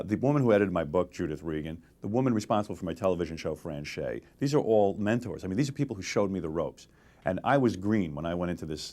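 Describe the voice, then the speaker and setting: A man in his forties in a candid interview, telling lively stories and acting out the exchanges he quotes. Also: lowish voice. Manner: animated storytelling, acts out quoted exchanges. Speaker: interview guest, radio host.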